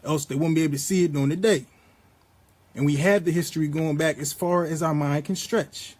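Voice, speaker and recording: A man giving a rambling spiritual monologue, preachy and profane in a casual street manner, reading scripture slowly and deliberately. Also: fairly high pitch, steady tone, a little mellow. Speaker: vlogger.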